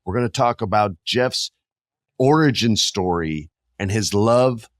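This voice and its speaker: Animated middle-aged podcast host, low voice. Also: male voice, measured pace, dry recording, studio quality. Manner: animated, jokey, swings pitch for emphasis. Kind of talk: casual podcast chat.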